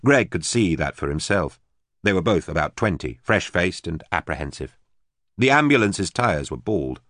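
Deep-voiced male audiobook narrator. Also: big pitch swings, normal speed, a bit bright, dry recording, clean studio sound. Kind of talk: scripted narration.

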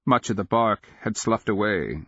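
A man giving steady, measured scripted narration of a fantasy audiobook, on a dull lo-fi recording. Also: fairly low pitch, husky, no echo.

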